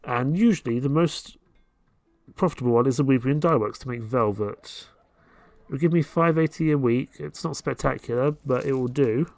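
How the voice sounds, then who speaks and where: Guy narrating his strategy game run, laid back, thinking out loud, mid-pitched voice, faint game music underneath. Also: moderate pace, creaky, dry recording. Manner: relaxed, thinking aloud while playing. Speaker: let's play host. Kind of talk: casual gameplay commentary.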